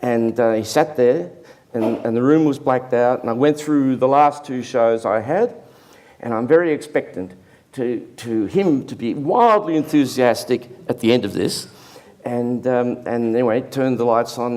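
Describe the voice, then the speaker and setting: An older artist telling a self-deprecating anecdote in a lively, rambling interview manner. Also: male voice, medium pitch, normal speed. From Australia. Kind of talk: anecdotal storytelling.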